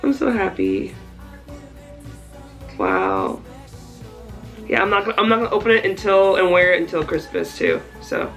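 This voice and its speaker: A woman's voice: medium pitch, moderate pace, long pauses, soft background music, poor audio. A woman vlogging at home, gushing and laughing as she unboxes a care package. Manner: excited, gushing, often laughing. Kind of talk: casual vlog unboxing.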